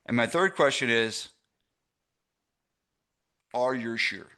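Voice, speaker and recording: A man's voice: medium pitch, lively intonation, slow pace, bright, forceful tone. A middle-aged man teaching a live online masterclass for gym owners, stressing points and checking in with his audience. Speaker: gym business coach.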